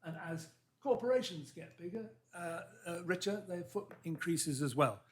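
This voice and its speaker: A man giving a public science lecture in a hall, earnest and halting, often restarting his words and reading out quotes. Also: sits high, expressive, slightly rough. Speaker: lecture speaker.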